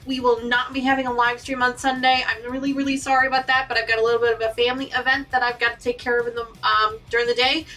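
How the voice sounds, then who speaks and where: A woman's voice: sits high, sharp tone, recorded from a distance. A woman hosting a live quilting stream, chatty and upbeat, greeting viewers by name. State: has the hiccups. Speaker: quilting channel host.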